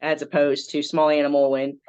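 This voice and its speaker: Woman, Southern accent, low voice, dry close sound, chatty with frequent ums. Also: little pitch movement, normal speed, darkish tone, clean tone, no room sound, lo-fi sound. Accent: Southern American. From Southern United States. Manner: chatty, many ums, laughs easily. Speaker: veterinarian guest. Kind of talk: casual interview.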